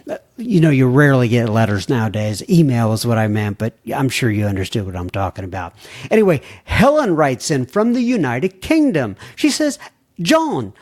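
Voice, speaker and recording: A man hosting a podcast, reading listener emails aloud with folksy asides. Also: mid-range voice. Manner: folksy, warm-hearted asides. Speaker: podcast host.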